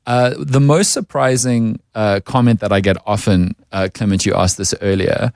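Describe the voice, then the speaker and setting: South African man, fairly deep, articulate and opinionated, dry studio sound. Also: steady tone, moderate pace, vocal fry, a little mellow, no echo. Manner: articulate, opinionated, acts out quoted voices. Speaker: panel guest, media personality. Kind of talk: radio panel discussion. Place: radio studio.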